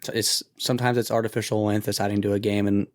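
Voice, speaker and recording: A man's voice: on the low side, little pitch movement, fast talker, dry recording, clean studio sound. A man chatting as a podcast co-host in a matter-of-fact way. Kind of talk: casual chat.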